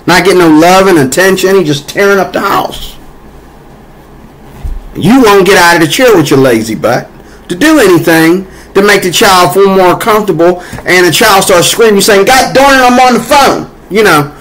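Heard on a low-quality recording, an American man with a high, slightly bright voice speaks expressively at normal speed. As a vlogger, he delivers a rambling, repetitive political rant full of fillers that becomes increasingly heated.

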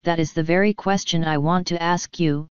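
A woman's voice: on the low side, fairly even intonation, moderate pace, clear, resonant tone, no echo, natural voice. A woman reading the part of an earnest young man who pleads as he speaks, on a dull, dry recording.

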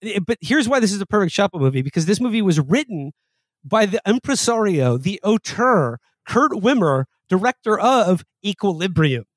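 Male podcast co-host, sardonic and meandering, raised pitch, dry close-mic sound. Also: big pitch swings, moderate pace, dry recording. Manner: rambling, wry, trails off and restarts. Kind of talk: casual comedic chat.

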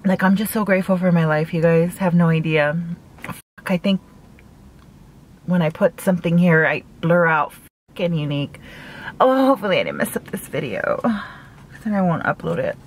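A woman's voice: on the low side, expressive, normal speed, pauses often. Chatty woman vlogging from her car. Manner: chatty, laughs at own jokes, full of "like". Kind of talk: casual mukbang chat. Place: parked car.

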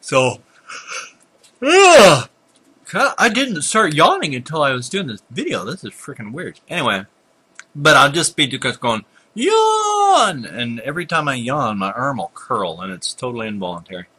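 This gameplay commentator is an older man with a husky, bright, pushed voice that moves at a medium, sing-song pitch and a fairly quick pace. He is chatty while playing a computer game, grumbling at enemies and frequently yawning and saying sorry.

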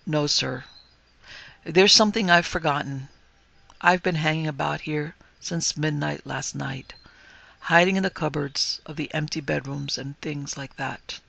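A man's voice: fairly high pitch, fairly even intonation, measured pace, vocal fry, sharp tone, dry recording, muffled recording, full character voice. A man voicing a meek young ghost. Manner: meek, apologetic, subdued. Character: timid awkward young male ghost.

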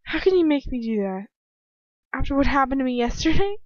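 A woman's voice: sits high, sing-song, a little fast, no room sound, voice pushed up. A woman voicing a frightened but defiant young woman who protests, in a dry, dull lo-fi home recording. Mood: indignant.

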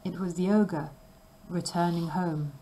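A woman reads a fairy tale aloud for language learners, taking her time over every word with careful, clear pacing. Her voice sits fairly low, with a faint hum of noise behind it. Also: fairly even intonation, mellow, low-quality recording. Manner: slow, careful and clearly paced. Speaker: storybook reader. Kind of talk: slow storybook reading for language learners.

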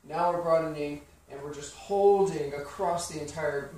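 A man teaching a piano lesson, explaining rhythm calmly and counting beats aloud. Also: on the high side, normal speed. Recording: very echoey room, slightly distant mic, piano playing.

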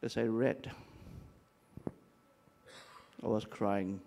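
Older man, dramatic sermon, lively pitch, high voice. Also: slow pace, long pauses. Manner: dramatic, leads the crowd in call-and-response shouts. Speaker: pastor.

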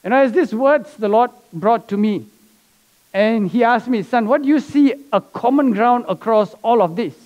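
A man's voice: very high voice, moderate pace. A man pastor preaching a sermon to his church, telling a story and reading scripture with small laughs. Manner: preaching with asides and soft laughs. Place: church sanctuary.

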